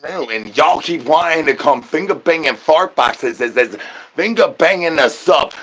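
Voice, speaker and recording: A man doing an absurd comedy rant to his chat, spilling rhyming nonsense patter with rapid stuttered repetitions. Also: on the high side, lively intonation, a bit bright, breathy edge. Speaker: streamer.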